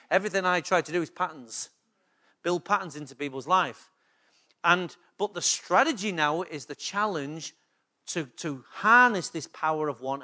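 Forceful, bright-voiced male preacher. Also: a little high. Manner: preaching with frequent rhetorical questions to the congregation. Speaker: pastor. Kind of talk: sermon.

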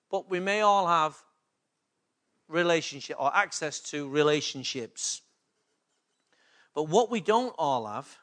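Male pastor, sermon in church, rhetorical questions, slightly high voice, bright forceful tone. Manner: preaching with frequent rhetorical questions to the congregation.

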